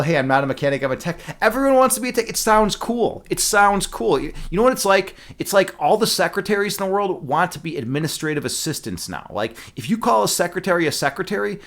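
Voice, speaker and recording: A man's voice: sits high, fairly bright tone. A man streaming live, chatting loosely with his viewers, rambling with many fillers and restarts and laughing at his own jokes. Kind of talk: casual chat with live chat.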